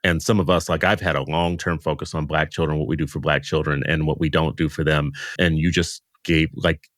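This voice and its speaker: Deep-voiced man hosting an interview. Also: flat delivery, a little fast, a bit bright, no echo, studio quality. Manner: thoughtful, rambling, self-deprecating. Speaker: podcast host. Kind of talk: conversational interview.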